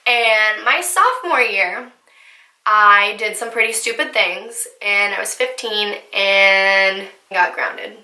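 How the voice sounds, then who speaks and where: A young woman from New Jersey telling a casual storytime vlog in a chatty, animated way with lots of fillers. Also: medium pitch, measured pace. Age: young adult. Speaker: vlogger. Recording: echoey room.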